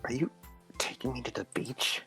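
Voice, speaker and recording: A man's voice: medium pitch, fairly even intonation, normal speed, gravelly, sharp tone, faint music behind. A man voicing a grumpy, bookish young man in a tabletop game, muttering reluctantly. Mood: grudging.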